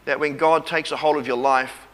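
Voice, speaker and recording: A man's voice: on the high side, steady tone, normal speed, fairly bright tone. A man preaching a sermon with testimony, earnest, repeating phrases and calling for amens. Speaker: pastor. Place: church hall. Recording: echoey hall reverb.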